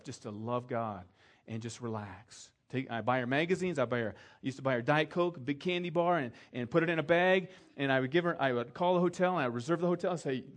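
Conversational man preaching a sermon. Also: mid-range voice. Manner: conversational storytelling, acts out quoted voices, drops soft for emphasis. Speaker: pastor.

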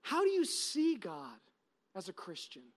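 An American man in his thirties, a pastor preaching a sermon with animated storytelling that swings between loud and hushed. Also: high-pitched, unhurried.

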